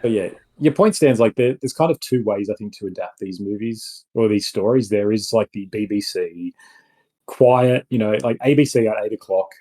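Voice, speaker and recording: A man's voice: on the low side, moderate pace, mellow, low-quality recording. A man co-hosting a film review podcast, talking in a rambling, casual way with many restarts and asides. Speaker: podcast co-host.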